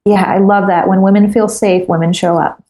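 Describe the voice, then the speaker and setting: A woman's voice: medium pitch, fairly even intonation, a little fast, mellow, reverberant. A woman guest on a podcast interview, talking earnestly and resolutely with many ums.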